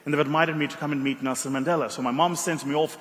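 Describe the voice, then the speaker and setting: A man from South Africa giving a motivational keynote speech, telling stories with dramatic pauses and quiet emotional passages. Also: fairly high pitch, steady tone. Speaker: keynote speaker. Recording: reverberant hall.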